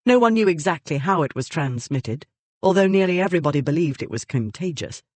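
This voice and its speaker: A measured audiobook narrator of middling pitch, reading in a steady, even storytelling voice. The sound is dry and close, with no room around it. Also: no echo. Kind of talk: scripted narration.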